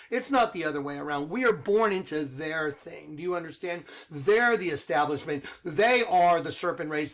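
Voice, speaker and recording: A middle-aged man with a high voice preaches into the camera in an excited monologue. He talks insistently, firing rhetorical questions and hammering the same points again and again. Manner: insistent, rhetorical, repeats himself. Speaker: online preacher.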